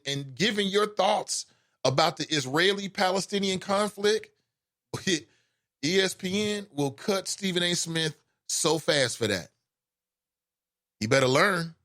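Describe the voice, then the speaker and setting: A man with a slightly high voice hosts a call-in talk show. His delivery is animated, jumping from loud emphatic bursts to muttered asides. The recording is dry and close, with little room sound. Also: no echo. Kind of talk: casual talk commentary.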